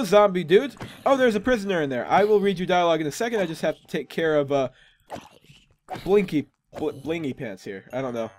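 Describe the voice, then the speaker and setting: A man's voice: on the high side, darkish tone, slight background noise. A young man chatting casually through gameplay commentary, joking and teasing himself. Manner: chatty, self-mocking, jokey asides. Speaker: gaming channel host.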